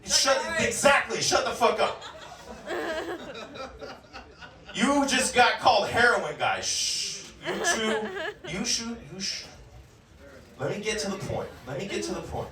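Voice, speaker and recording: Profane, animated male stand-up comedian. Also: extremely high pitch, takes it slowly, long pauses, crowd noise. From California. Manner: crude, profane, laughs at his own jokes. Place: comedy club stage. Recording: roomy club sound, mic far off.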